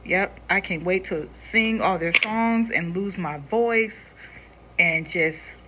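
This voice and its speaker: Young woman, makeup vlogger, bright forward tone, easygoing chatter with quieter focused moments. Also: on the low side, slow pace, a little hiss or hum. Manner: chatty, talks to viewers while applying makeup, drops quieter when concentrating. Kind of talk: casual makeup tutorial chat.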